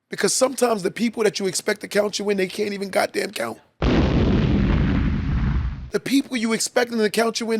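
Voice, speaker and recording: A man's voice: sits high, gravelly, no room sound, studio quality. A man, a father, giving a preachy motivational monologue as podcast host, repeating key lines for emphasis. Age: adult, father of a son.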